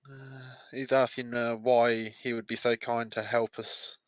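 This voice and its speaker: A male tabletop player who speaks very slowly and hesitantly, filling his turns with "uh"s. The sound is dry and close, and dull in tone. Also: mid-range voice, level tone, no room sound. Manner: slow, hesitant, many "uh"s. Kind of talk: tabletop game play.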